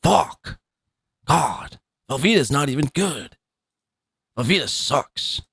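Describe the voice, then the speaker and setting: A man's voice: on the high side, expressive, takes it slowly, gravelly, fairly bright tone, slightly rough, dry recording. A man in his thirties hosting a podcast, giving mocking, sarcastic commentary on clips. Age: 30s. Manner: sarcastic, derisive, repeats words for laughs. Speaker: podcast host.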